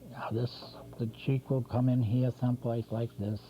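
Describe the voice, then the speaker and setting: A man's voice: mid-range voice, flat delivery, normal speed. Older man, cartoon drawing teacher, chatty and meandering, muffled old TV sound, light background hum. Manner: rambling, talks while drawing, self-correcting. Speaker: drawing instructor. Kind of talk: casual drawing demonstration. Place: local TV studio. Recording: dull lo-fi 1990s community TV audio with faint hum.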